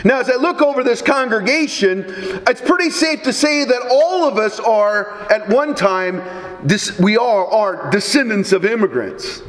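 A middle-aged male pastor with a notably high voice delivers a sermon in a church, mixing scripture with folksy anecdotes and dry humor. His words ring out with a long reverb through the sanctuary. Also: expressive, a little slow.

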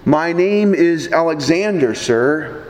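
A man's voice: high voice, sing-song, slow pace, pushed and bright, in a large hall, voice pushed down, heavily acted, low-quality recording. A man doing a meek, quivering young soldier. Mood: terrified.

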